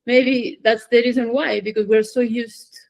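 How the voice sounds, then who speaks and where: A woman's voice: fairly high pitch, fairly even intonation, a little slow, gravelly, darkish tone. A woman musician hosting an interview, speaking reflectively and searching for her words. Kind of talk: interview conversation.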